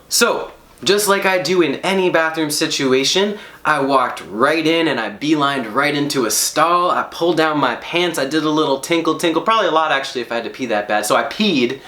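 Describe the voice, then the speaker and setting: Guy telling a funny story about himself, kinda high voice, lots of repeating for laughs, echoey room sound. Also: a little fast. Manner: animated, comic, emphatic repetitions. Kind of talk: personal story told to an audience.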